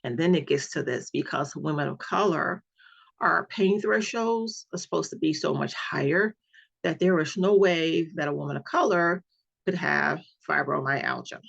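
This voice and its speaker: A woman's voice: deep voice, normal speed, vocal fry, breathy edge. A woman sharing her own experience as a patient, telling it earnestly and with emphasis, often repeating key words. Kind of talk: personal storytelling. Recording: dull lo-fi recording.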